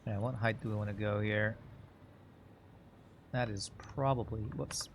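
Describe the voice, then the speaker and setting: A man's voice: lowish voice, steady tone, measured pace, slight background noise. A man streaming a game live, thinking aloud in rambling, self-mocking casual commentary.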